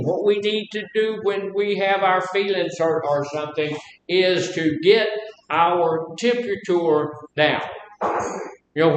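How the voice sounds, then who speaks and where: A man with a Southern drawl teaches a live class, folksy and fond of quizzing his listeners. His voice sits a touch high. The room is echoey, with a faint rumble underneath. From Mississippi. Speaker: class instructor. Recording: roomy echo, faint rumble.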